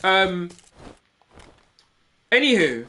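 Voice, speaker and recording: A man's voice: high voice, sing-song, drawn-out words, bright, forceful tone, a little hiss or hum. A man in his thirties, a gaming streamer rambling through a gossipy story and teasing his chat. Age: 30s.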